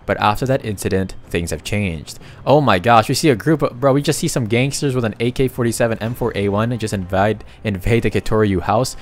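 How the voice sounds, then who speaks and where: Young guy recapping a manhwa, lowish voice, gets hyped, slangy, faint hiss behind. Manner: chatty, excitable, slangy asides. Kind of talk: casual recap narration.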